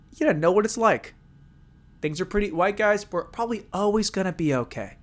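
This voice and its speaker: A man's voice: high-pitched, lively intonation, a little fast, a bit bright. A man hosting a solo comedy podcast, ranting crudely and energetically. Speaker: podcast host.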